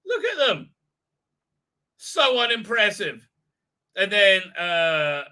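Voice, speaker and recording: Hosting a live stream, a man whose very bright, ringing voice sits a little high for a male talks through a show, rambling with lots of filler and mocking remarks. His pitch swings widely, his pace is slow with long pauses, and he repeatedly breaks into silly fake voices.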